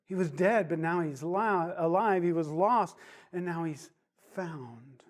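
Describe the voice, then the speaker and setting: A man's voice: a little high, measured pace, lightly acted. A man doing a tender, loving old father. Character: loving older father, gentle and overjoyed.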